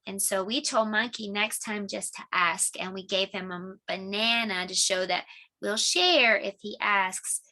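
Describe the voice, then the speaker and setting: A woman presenting a children's lesson video, gentle and teacher-like. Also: medium pitch, unhurried. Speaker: homeschool teacher.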